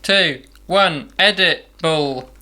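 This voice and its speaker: A young man co-hosting a casual chat podcast, animated and dramatic in his reactions. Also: fairly high pitch, drawn-out words. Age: young adult. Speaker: podcast co-host.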